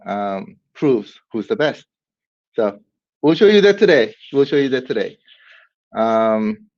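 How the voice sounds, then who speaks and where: A man's voice: mid-range voice, a little mellow, muffled recording. A man hosting a casual livestream, rambling with frequent laughs and bursts of playful announcing. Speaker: livestream host.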